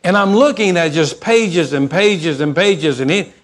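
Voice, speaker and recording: Middle-aged pastor, somewhat high-pitched, folksy and animated, slowing down for emphasis. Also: male voice. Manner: folksy, animated, shifts between fast asides and slow emphasis. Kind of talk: sermon storytelling.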